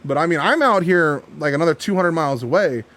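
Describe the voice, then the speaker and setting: A man's voice: fairly high pitch, lively intonation, quick pace, a bit bright. A man talking in a casual podcast chat, candid, teasing and profane. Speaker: podcast co-host.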